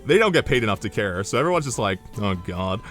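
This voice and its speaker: Young man, streamer, casual storytelling, animated, swears a lot, rambling asides. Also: medium pitch, rapid-fire, faint music behind.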